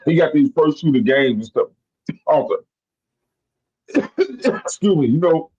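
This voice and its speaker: A man co-hosting a live stream, chiming in with profane, animated remarks in casual chat. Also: a little high, slightly rough. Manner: animated, profane, quick asides. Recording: dull lo-fi stream audio.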